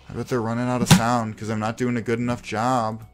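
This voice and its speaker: A gameplay video creator with a mid-range voice speaks a little fast in a flat delivery, with faint music in the background. His commentary is melodramatic, full of heavy sighs and theatrical, self-pitying lament.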